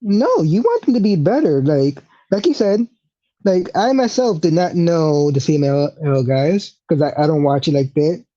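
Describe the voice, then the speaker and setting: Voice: medium pitch, animated, normal speed, dark tone, muffled recording. A podcast co-host speaking in a casual, hesitant way with many fillers like "you know what I mean.". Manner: hesitant, filler-laden agreement. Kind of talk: casual chat.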